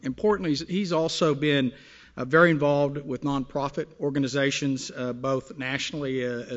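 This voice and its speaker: A man introduces the next speaker at an event, stumbling over fillers as he reads the bio. His pitch sits mid-range. The sound is a bit muffled and lo-fi. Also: fairly bright tone. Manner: halting, many fillers. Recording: slightly dull, lo-fi sound.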